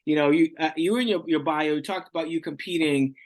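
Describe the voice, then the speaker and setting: A man's voice: on the high side, a little fast. A man hosting a casual interview podcast, talking in a loose, enthusiastic way. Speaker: podcast host.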